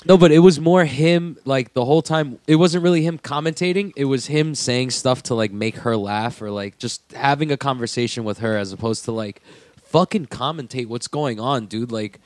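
A man's voice: mid-range voice, normal speed, a little mellow, no echo. A man co-hosting a podcast, chatting loosely with lots of "like" and "dude", joking and swearing. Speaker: podcast co-host. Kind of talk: casual podcast chat.

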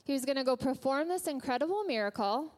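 A woman who works as a nurse, giving an earnest, gentle sermon that she tells like a story in a church. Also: high voice, expressive, fast talker.

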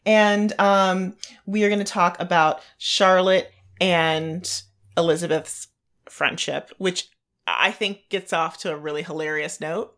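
A woman's voice: lowish voice, fairly even intonation, a little slow, fairly bright tone. Woman podcast co-host, casual chat, laughs often, rambles, sleepy. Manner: giggly and rambling. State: tired, short on coffee.

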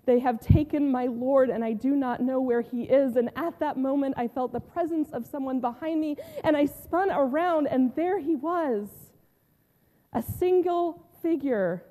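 Taking on the role of a devoted woman disciple in grief, a female pastor retells the story in first person with heartfelt feeling, long pauses, and quiet drops. Her voice is high, her mood awed, and she's speaking in a large hall.

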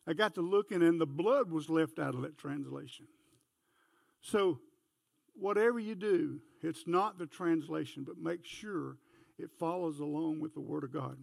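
A man's voice: on the high side, vocal fry, darkish tone, no echo, clean studio sound. An older man, preaching a folksy sermon full of homespun stories. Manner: folksy storytelling, barks like a dog.

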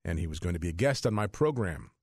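Gravelly, chatty man hosting a radio show. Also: sits low, lively intonation, fast, a little mellow, no echo, studio quality. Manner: rambling, chatty, chuckling. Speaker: radio host. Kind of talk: casual on-air talk. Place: radio studio. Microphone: studio microphone.

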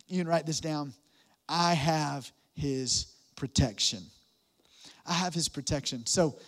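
A young pastor with a high-pitched voice delivers a sermon to his congregation. He's playful and animated, joking around and addressing the crowd directly.

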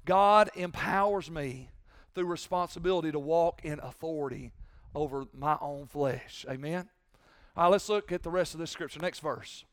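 A man preaching as a pastor, driving points home with repeated phrases and loud, rising emphasis. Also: a little high, moderate pace, clean tone, dry recording, clean studio sound. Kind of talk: sermon.

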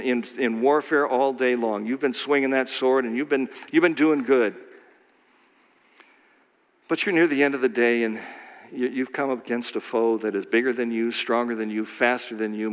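A man preaching a sermon, swinging from quiet low passages to slow, emphatic phrases and sudden loud cries. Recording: long hall reverb.

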